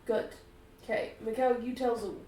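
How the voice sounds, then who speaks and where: A woman's voice: fairly high pitch, steady tone, normal speed, warm tone, slight background noise. A woman playing a tabletop game, speaking in a dry, wry way. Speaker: player. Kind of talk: tabletop role-play. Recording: roomy, far from mic.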